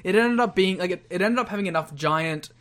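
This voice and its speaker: A man's voice: high voice, fast talker, a bit bright. A man co-hosting a casual wrestling review chat, giggly and blunt, swearing casually. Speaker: podcast co-host.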